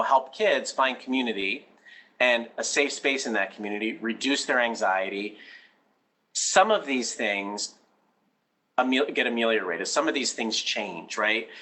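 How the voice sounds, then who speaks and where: A man's voice: mid-range voice, bright, forceful tone, rough recording. A man who runs a school, answering interview questions in an earnest, conversational way with many restarts and frequent "right?" check-ins. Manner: explains through personal stories. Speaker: education expert guest, head of a school.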